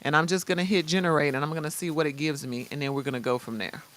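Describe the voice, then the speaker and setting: A woman hosting a live-streamed software tutorial. She chats casually in slang and talks straight to her viewers. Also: low-pitched, quick pace. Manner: lively, chatty, addresses viewers directly. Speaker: host.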